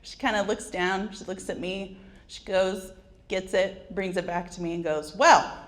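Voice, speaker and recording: Speaking at a moderate pace in a steady, medium-pitched voice, a woman in her forties entertains a conference audience with funny personal stories that poke fun at herself, often chuckling at her own punchlines. A slight hiss or hum sits under the recording.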